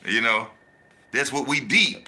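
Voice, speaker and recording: Bright-voiced man hyping a fight. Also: mid-range voice, a little slow. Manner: animated, slangy, repeats his points for emphasis. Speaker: boxing channel host. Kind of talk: casual boxing talk, reading live chat.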